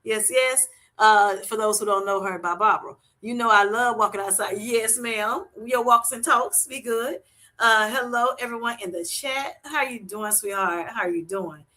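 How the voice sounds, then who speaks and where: A woman hosting a casual livestream, answering viewers' comments with a bright, ringing voice that sits somewhat high. She tells animated stories and laughs often, calling people "honey" and "sweetheart". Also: normal speed. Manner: uses Southern-style endearments like honey and sweetheart. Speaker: livestream host reading chat.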